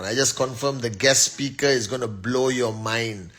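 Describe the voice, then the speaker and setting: A network marketing leader hosts a casual Instagram live stream from his phone, upbeat as he rattles off names and greetings to his followers. His voice is mid-range and fairly bright, with a normal speed and few pauses.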